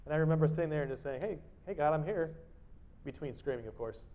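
A man giving a devotional sermon. He reads Bible verses with force and then explains them in a quiet, conversational way, often adding tag questions and restarting his sentences. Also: a little high, fast talker, lo-fi sound. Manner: reads verses loudly, then drops to quiet personal asides. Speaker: preacher. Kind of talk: devotional sermon with scripture reading.

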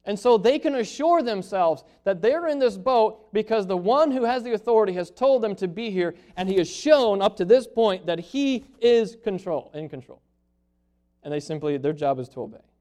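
High-voiced man preaching a dramatic sermon. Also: expressive. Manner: dramatic swings from loud to hushed, slows for emphasis.

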